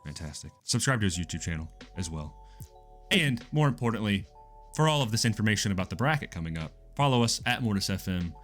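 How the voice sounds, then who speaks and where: A young man co-hosting a podcast, talking casually in an animated, enthusiastic way and calling his co-host "dude". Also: lowish voice, fast, soft background music. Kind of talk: casual chat.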